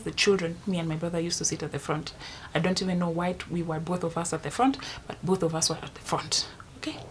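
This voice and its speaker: A young woman with a Kenyan accent tells a story to her vlog viewers, swinging between loud outbursts and hushed asides. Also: medium pitch, slight background noise. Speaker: vlogger. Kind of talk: casual storytime monologue.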